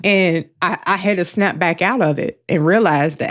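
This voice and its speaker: A woman co-hosting a podcast, speaking openly and emotionally in a slow, halting way. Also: lowish voice. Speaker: podcast co-host. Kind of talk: candid personal talk.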